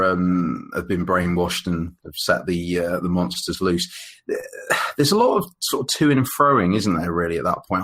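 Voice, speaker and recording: A man's voice: low-pitched, a bit bright. A man co-hosting a podcast, chatting casually about an old monster film in a rambling way, with lots of fillers and restarts. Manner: rambling, full of fillers and restarts, laughs often. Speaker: podcast co-host. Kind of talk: casual film review chat.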